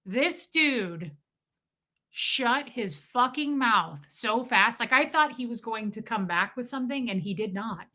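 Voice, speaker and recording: A woman hosting a livestream, telling a profane story in a casual, animated way and mimicking the people in it. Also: a little high, a little slow. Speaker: livestream host.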